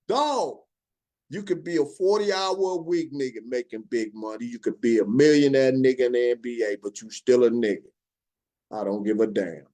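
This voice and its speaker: A man's voice: high voice, moderate pace. A middle-aged man, hosting a podcast and speaking in an emphatic, drawling monologue. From Chicago. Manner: animated, emphatic, drawling storytelling with laughs. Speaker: podcast host. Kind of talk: opinionated monologue.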